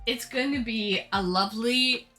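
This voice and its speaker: A woman's voice: on the high side, moderate pace, bright, forceful tone, faint music behind. A woman hosting a casual drinking livestream, greeting and thanking viewers as she chats. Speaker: livestream host.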